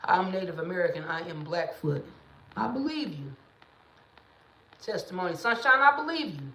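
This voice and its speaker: A woman hosting a livestream in casual talk, blunt and emphatic, sometimes rising into loud preaching bursts, speaking into a phone or webcam. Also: fairly low pitch, animated, normal speed, reverberant, a little hiss or hum. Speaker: livestream host.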